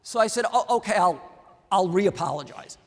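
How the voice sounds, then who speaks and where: A man, an orthodontist, telling a story to an audience and acting out the dialogue in a lively way. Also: high-pitched, moderate pace, in a large hall.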